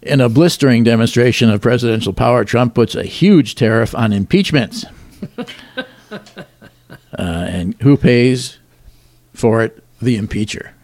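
A man's voice: medium pitch, unhurried, long pauses, a little mellow. A man hosting a comedy talk show, reading joke headlines and bantering in a dry, wry way. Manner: dry, wry delivery with chuckles.

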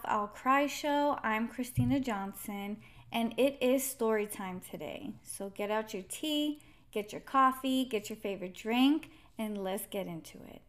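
A woman hosting a podcast, giving an upbeat, friendly welcome to her listeners. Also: on the high side. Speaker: podcast host. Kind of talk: podcast intro.

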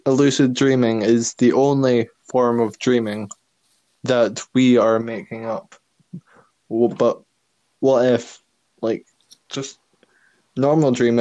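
A man co-hosting a podcast, rambling through casual chat with lots of fillers. His voice is mellow and unhurried. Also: mid-range voice, steady tone, no room sound, low-quality recording. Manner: rambling, filler-heavy, laughs often. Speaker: podcast co-host.

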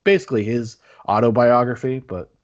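A man's voice: medium pitch, steady tone, a little fast. A man hosting a casual movie review podcast, rambling with lots of fillers and restarts. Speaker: podcast host. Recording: dull lo-fi podcast audio.

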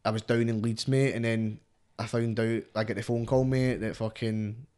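A man's voice: on the low side, flat delivery, normal speed, warm tone, clear, resonant tone. A young man with a Scottish accent, a guest rapper telling stories in a casual podcast chat, swearing heavily and tagging "mate" onto nearly every line. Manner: heavy swearing, constant "mate" tags.

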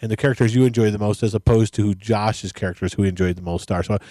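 Fast-talking man with a mellow voice. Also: lowish voice, steady tone, no echo, studio quality. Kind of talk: casual prompting from off-mic.

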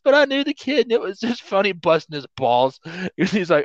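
A man's voice: on the high side, a little fast, dry recording. A man in his twenties co-hosting a podcast, telling stories in casual chat with lots of swearing and acted-out quotes. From Midwestern United States. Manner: animated storyteller, swears a lot, acts out quotes. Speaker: podcast co-host. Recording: dull, lo-fi dry sound.

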